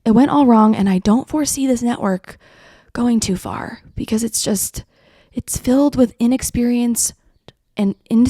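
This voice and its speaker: A woman's voice: a little high, a little mellow, dry recording, clean studio sound. A young woman in her twenties hosting a casual solo podcast, chatty and full of fillers, with sarcastic asides. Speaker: podcast host.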